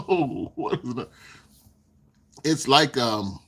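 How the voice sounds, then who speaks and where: A man's voice: mid-range voice, animated, extremely slow, gravelly, a bit bright, slightly rough. An older man hosting a casual livestream, telling rambling stories and laughing often. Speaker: livestream host.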